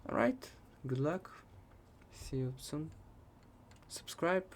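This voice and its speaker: A young man with a Russian accent walks through his code step by step at a slow, easy pace. He slips in dry jokes between lines while keys clatter softly under a faint background hiss. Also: medium pitch, steady tone. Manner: dry, joking asides while typing. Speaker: programming tutor. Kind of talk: live coding tutorial. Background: keyboard typing.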